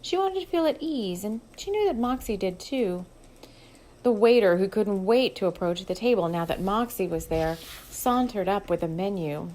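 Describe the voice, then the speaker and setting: Brief: female author narrating her novel, steady, mid-pitched storybook reading. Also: normal speed, rough recording. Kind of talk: audiobook narration.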